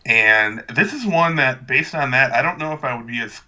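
Very bright-voiced man, slightly dull audio. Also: mid-range voice, animated, moderate pace. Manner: chatty, rambling, dry humor. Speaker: podcast co-host. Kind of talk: casual chat.

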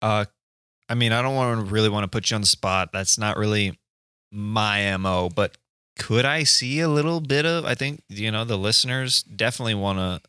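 A man's voice: fairly low pitch, normal speed, bright, forceful tone, smooth, no room sound, clean studio sound. A man hosting a casual podcast chat, asking curious, playful questions.

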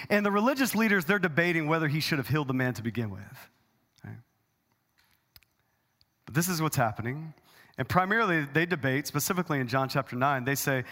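Impassioned preacher in a reverberant hall. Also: male voice, lively intonation, brisk. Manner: dramatic preacher, swings loud and high for emphasis. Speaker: pastor. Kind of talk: sermon. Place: church auditorium.

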